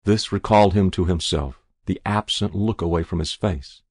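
A man narrating a classic story in a measured, deliberate audiobook reading. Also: deep voice, breathy edge, dry recording, studio quality.

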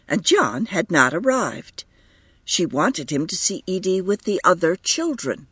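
A man reading a story aloud as narrator, measured and expressive. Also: fairly high pitch, slightly rough, no room sound. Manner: measured, lively intonation. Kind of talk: audiobook reading.

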